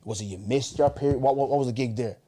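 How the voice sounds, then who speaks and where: A man's voice: mid-range voice, quick pace. Slangy man telling a story. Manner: slangy, animated, with restarts and asides. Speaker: podcast host. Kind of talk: casual storytelling chat.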